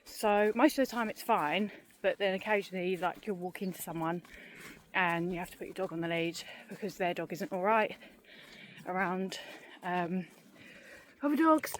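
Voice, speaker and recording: A woman with a fairly low voice talks at normal speed while filming a vlog on an outdoor dog walk. Her chat is rambling and self-deprecating, a bit breathless, with slight background noise.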